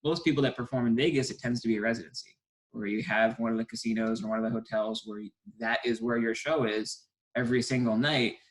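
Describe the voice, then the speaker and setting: A man's voice: medium pitch, steady tone, fast talker, poor audio. A man in his twenties, a stage hypnotist, talking casually and eagerly as an interview guest. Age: 20s.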